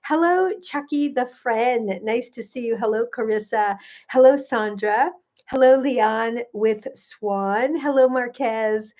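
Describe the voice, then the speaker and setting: A middle-aged woman, a gut health coach, chatting warmly and greeting viewers by name as she hosts a livestream. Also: fairly high pitch, slow pace.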